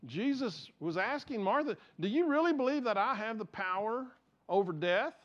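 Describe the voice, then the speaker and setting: A man preaching a sermon as pastor, telling stories earnestly and dropping from raised emphasis to hushed, quiet passages. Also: high-pitched, expressive, moderate pace. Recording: dull lo-fi sound.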